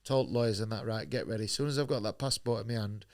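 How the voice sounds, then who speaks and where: A man's voice: lowish voice, quick pace, a little mellow. A man, a boxer telling his story bluntly in an interview, swearing freely and acting out what people said. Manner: blunt, swears freely, acts out quoted dialogue. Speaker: guest, professional boxer. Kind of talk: candid storytelling in a podcast interview.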